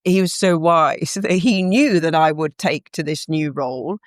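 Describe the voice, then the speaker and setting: A woman's voice: low-pitched, unhurried, no echo, clean studio sound. A woman guest in a podcast interview, telling a heartfelt, reflective story about her career.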